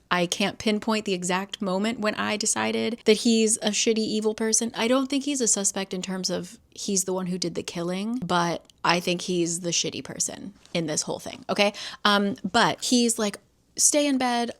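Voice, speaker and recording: A young woman talking through a thriller in a casual, chatty way, sometimes dropping into reading the text aloud. She swears freely and acts out the characters' quotes as she retells the plot. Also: medium pitch. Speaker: book vlogger. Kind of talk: casual book reading vlog.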